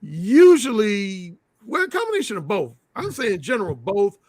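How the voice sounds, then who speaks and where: Blunt, lively high-voiced man. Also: moderate pace, husky, no echo. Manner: blunt, frank, explicit. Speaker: interview guest. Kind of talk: casual interview storytelling.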